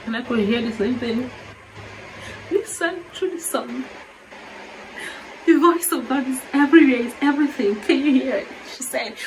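A woman earnestly reacting to a worship song on her vlog, growing fervent and then quiet and reflective. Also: high-pitched, moderate pace, long pauses, background noise. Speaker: music reaction vlogger. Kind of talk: emotional worship music reaction.

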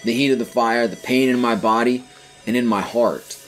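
A man's voice: mid-range voice, steady tone, moderate pace. A man hosting a game playthrough, reading the dialogue aloud with dry asides. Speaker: let's play host. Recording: faint game music behind.

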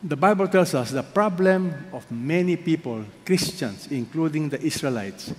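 Filipino pastor preaching in an echoey hall. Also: male voice, a little high, expressive, normal speed. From Philippines. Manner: preaches with many rhetorical questions, swinging between loud emphasis and hushed asides. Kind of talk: sermon. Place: large church hall. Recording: echoey hall, faint background noise.

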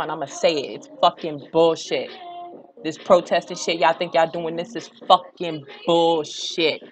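A young woman speaks in a fairly low voice. She rants bluntly with plenty of profanity and keeps pushing her points harder. Faint music plays behind her. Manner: blunt, profane, rising to heated outbursts. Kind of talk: impassioned direct-to-camera rant.

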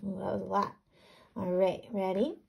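Husky woman teacher reading to children. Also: medium pitch, moderate pace. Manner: animated, questioning, sounds words out. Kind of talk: reading a picture book aloud to young students.

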